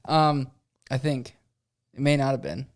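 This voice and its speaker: A man's voice: mid-range voice, steady tone, measured pace. A man co-hosting a casual sports podcast, upbeat and chatty, laughing easily with his co-host.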